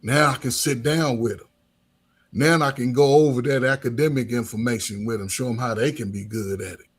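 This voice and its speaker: A man's voice: mid-range voice, steady tone, fairly quick, husky. A middle-aged man, a coach and former teacher, talking loosely in casual conversation with lots of restarts and filler words.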